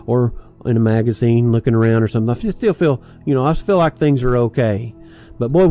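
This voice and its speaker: Casual preacher, man, mellow warm tone, chatty asides, soft music bed under him. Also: mid-range voice. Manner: conversational, chuckling, with many restarts and asides. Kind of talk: sermon.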